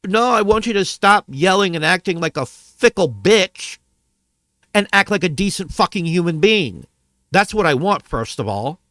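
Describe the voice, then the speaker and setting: Ranting man, bright and lively. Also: sits high, normal speed, dry recording. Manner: profane, heated, repeats himself. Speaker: vlogger. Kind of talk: angry rant to camera.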